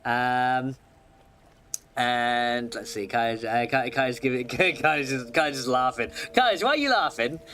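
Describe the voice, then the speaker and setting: A man at a middling pitch hosts a relaxed game livestream, talking to his chat in a loose, rambling way. He restarts sentences often and breaks into laughter. A faint hiss of background noise sits under his voice. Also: slow pace. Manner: chatty, reads chat aloud with frequent restarts and fillers. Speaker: streamer. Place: home room.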